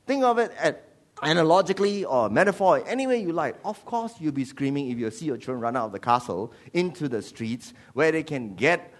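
A man preaching a sermon as pastor, animated and jokey. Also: on the high side, a little fast. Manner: animated, jokey, switches into voices.

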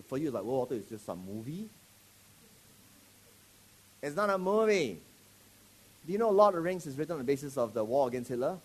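Animated higher-voiced male preacher. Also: breathy edge. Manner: animated, joking, quizzes the audience. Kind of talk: sermon to a live congregation.

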